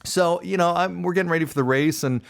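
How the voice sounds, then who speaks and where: A man hosting a podcast, telling a personal story in an animated, self-deprecating way. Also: high-pitched, fast talker, vocal fry. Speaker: podcast host. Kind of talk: casual storytelling monologue.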